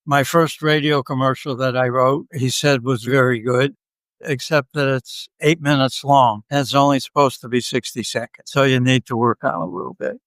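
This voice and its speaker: A man's voice: medium pitch, fairly bright tone, smooth, dry recording. A man in his seventies, a podcast guest, tells stories in a joking, easygoing way. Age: 70s. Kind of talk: casual interview storytelling.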